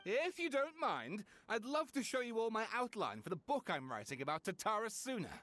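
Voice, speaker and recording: A theatrical, excitable writer. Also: male voice, sits high, brisk, dry recording. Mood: eager. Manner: theatrical, excitable, dramatic build-ups. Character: eager male scholar-writer, theatrical and chatty.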